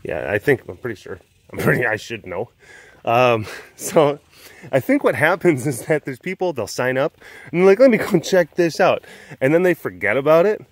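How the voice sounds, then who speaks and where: A young man vlogs casually to camera from a big cat sanctuary, rambling with plenty of fillers and softening to a gentle coo whenever he addresses the cats. His medium-pitched voice is sing-song at normal speed, in a dry recording.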